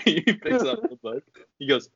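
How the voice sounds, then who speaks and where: A man's voice: fairly high pitch, big pitch swings, measured pace, sharp tone, slightly rough, no echo. Young male guest, eager anecdote teller; dry, slightly muffled recording. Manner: laughing, eager storyteller. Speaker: podcast guest. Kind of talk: casual storytelling chat. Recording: slightly dull dry sound.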